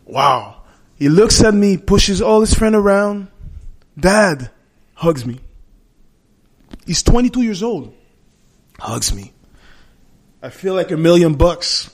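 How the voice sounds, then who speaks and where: A middle-aged man with a fairly high voice, speaking as a guest in a relaxed conversation. He tells a personal story earnestly, stopping often to restart or correct himself. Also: slow, pauses often.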